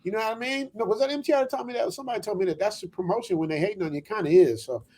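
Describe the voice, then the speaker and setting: A man from the US West Coast, a guest on a group podcast, talking casually and warmly to the panel with lots of restarts. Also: high-pitched, rapid-fire. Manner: rambling, heartfelt hype-man talk with many restarts.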